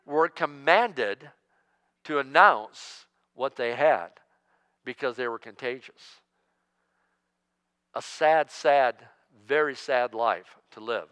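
A man in his sixties preaching a sermon as pastor, joking and emphatic, swinging between loud outbursts and hushed asides. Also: mid-range voice, slow pace, long pauses, big-room sound. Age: 60s.

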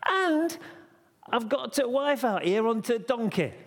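A man voicing a small boy who plays Joseph in a school nativity, pleading and shouting in dialect, in a church. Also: medium pitch, fast, natural voice. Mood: insistent pleading. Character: small boy playing Joseph, shrill and insistent. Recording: long church reverb.

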